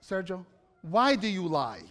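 A man's voice: high-pitched, very animated, measured pace, fairly bright tone, full character voice. A man voicing his worried, scolding Italian mother, firing off exasperated questions, in a reverberant hall.

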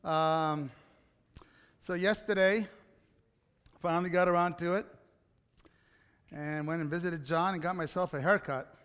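A man's voice: a little high, fairly even intonation, unhurried, long pauses, fairly bright tone, clean tone. A man preaching a casual, story-driven sermon to his congregation, often restarting with repeated words. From Italy. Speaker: pastor. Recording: long hall reverb.

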